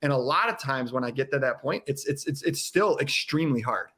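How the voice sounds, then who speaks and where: A man's voice: mid-range voice, bright, forceful tone, breathy edge. A man talking as a podcast guest, candid and earnest, often restarting his sentences and acting out what others said. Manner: earnest, halting, many restarts, acts out quotes. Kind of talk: candid conversational sharing.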